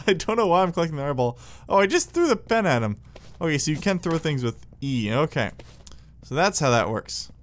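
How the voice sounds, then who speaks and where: A man giving excitable, jokey let's play commentary, yelling at enemies as he plays. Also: on the high side, fairly quick, slight background noise. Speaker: gameplay commentator.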